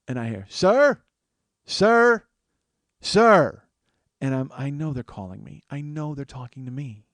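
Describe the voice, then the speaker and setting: Animated swearing comedian telling a story. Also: male voice, medium pitch, dry recording. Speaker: comedian host. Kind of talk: comic storytelling monologue.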